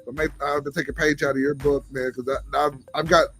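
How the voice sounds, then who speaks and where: A man's voice: fairly high pitch, level tone, fast, a bit bright. A man with a Southern drawl hosting a casual livestream chat, laid-back and chuckling as he greets viewers. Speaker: livestream host. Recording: faint background music.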